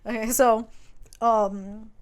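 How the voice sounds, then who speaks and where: A woman co-hosting a podcast who retells a book in casual chat, animated and giggly, with profane slang. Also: on the high side, extremely slow. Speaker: podcast co-host.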